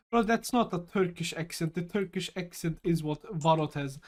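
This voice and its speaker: A man's voice: sits high, moderate pace, few pauses. A young man from Germany co-hosting a casual podcast over a voice call, rambling and joking. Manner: rambling, joking, bursts into shouting. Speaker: podcast co-host. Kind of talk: casual chat. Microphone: online voice call.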